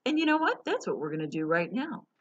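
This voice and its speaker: Animated storytime librarian woman. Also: medium pitch, quick pace, lo-fi sound. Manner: animated and sing-song, asks children questions. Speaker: children's librarian. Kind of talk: storytime read-aloud.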